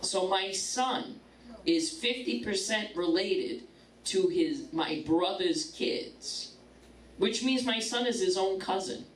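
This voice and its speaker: A woman's voice: medium pitch, animated, slow, a little hiss or hum. A woman, performing a bawdy stand-up comedy set with punchy timing. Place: comedy club stage. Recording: roomy club sound from a distance, loud audience.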